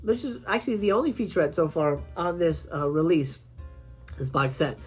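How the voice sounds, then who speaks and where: A woman's voice: deep voice, normal speed, husky, faint music behind. A woman reviewing horror films in a casual, profane rant, acting out scenes in quoted voices. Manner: animated, swears a lot, acts out scenes in quoted voices. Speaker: film reviewer.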